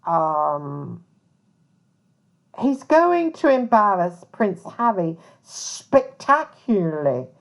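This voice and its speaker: A woman's voice: a little high, rough recording. A woman who works as a private investigator, talking casually to camera in a rambling way full of asides. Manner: rambling, many fillers and asides.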